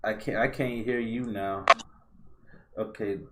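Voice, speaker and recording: A man's voice: lowish voice, takes it slowly, heavy background noise. A man hosting a podcast, chatting casually and ramblingly about astrology over a video call. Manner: relaxed, rambling, loose slangy phrasing. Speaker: podcast host. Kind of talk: casual astrology chat over a live stream.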